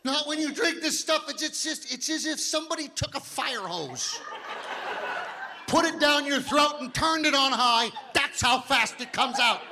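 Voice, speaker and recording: A man in his fifties performing a stand-up comedy set, telling big, animated stories on a stage mic in a live hall. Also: very high-pitched, normal speed, noisy background. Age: 50s. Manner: big animated storytelling, drops to quiet voices for quoted doctor. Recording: live hall with audience laughter.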